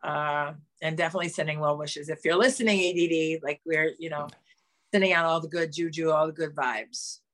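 A middle-aged woman co-hosting a casual sports podcast, her voice sitting a bit low. She rambles through her points with many fillers and restarts. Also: steady tone, fairly quick, a bit bright. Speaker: podcast co-host; former high school coach.

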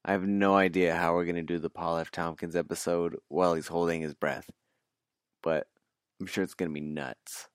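Male podcast producer, very deep and smooth, wry teasing sign-off, dry close mic. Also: level tone, normal speed, no echo. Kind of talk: casual sign-off to listeners.

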